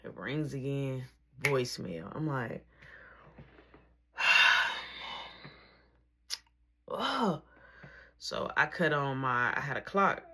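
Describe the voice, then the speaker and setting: Woman telling a story real casual, slangy, gets loud then goes near whisper, bright voice. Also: a bass voice, measured pace.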